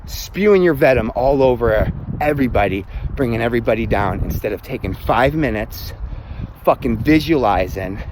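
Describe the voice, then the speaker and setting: A man's voice: medium pitch, lively intonation, moderate pace, noisy background. A man delivering a profane motivational rant, blunt and emphatic, swearing constantly. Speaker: self-help vlogger.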